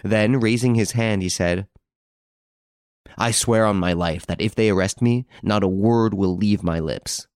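A man with a very low voice reads a classic detective novel aloud. His delivery is even and measured, and the characters' lines get only a light touch. The recording is dry and close, with no room sound. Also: clear, resonant tone, no echo. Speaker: narrator. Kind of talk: scripted audiobook narration.

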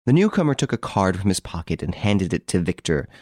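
A man narrating an audiobook of a crime story in a measured, steady reading. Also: sits low, no room sound, clean studio sound. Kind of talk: scripted narration.

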